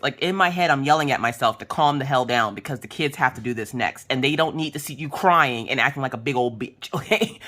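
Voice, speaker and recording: A young woman telling a story in a casual chat, animated and dramatic, breaking into loud squeals and exclamations. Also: rumbling low, fast talker, hardly any pauses. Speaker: crafting vlogger.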